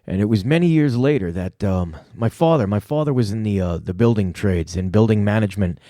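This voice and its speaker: A man's voice: lowish voice, fairly quick, warm tone, no echo, studio quality. Rambling New guy telling stories. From New York City. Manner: rambling, profane, lots of fillers. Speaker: comedy show host telling a story. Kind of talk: casual storytelling.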